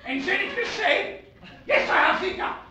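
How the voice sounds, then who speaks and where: A man's voice: extremely high pitch, normal speed. A man playing a pompous male public speaker on a comedy stage, delivering a grandiose, mock-formal address while switching between foreign accents. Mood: bombastic. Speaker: improv performer. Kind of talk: improvised comic monologue in shifting accents. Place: small comedy club stage. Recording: echoey comedy club, mic from far off, audience.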